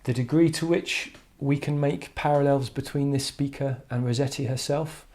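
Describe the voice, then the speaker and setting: The speaker, a man with a medium-pitched, darkish voice and fairly even intonation, teaches an English literature class online at normal speed. He's thoughtful but hesitant, often saying "um" and restarting sentences.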